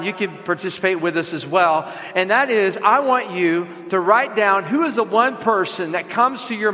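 High, bright-voiced Southern pastor. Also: male voice, in a large hall. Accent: Southern American. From American South. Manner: lively and joking, rallying the congregation. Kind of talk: sermon. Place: church sanctuary.

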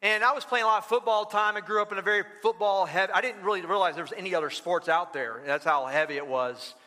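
A man's voice: high-pitched, fast talker, sharp tone, in a large hall. A man preaching as a pastor, telling a personal story with emphatic, rising bursts. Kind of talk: sermon.

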